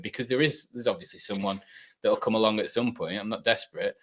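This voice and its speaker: Young man, from Britain, podcast co-host, reflective, hesitant, casual chat, lowish voice. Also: fast, a bit bright. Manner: reflective, hesitant, lots of fillers.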